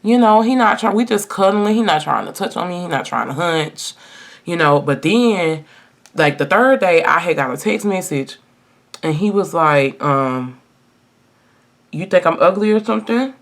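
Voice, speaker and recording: A woman's voice: lowish voice, lively intonation, moderate pace. A woman in her twenties telling a personal story in a casual get-ready-with-me video, chatty and emphatic, talking straight to her viewers. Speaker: vlogger.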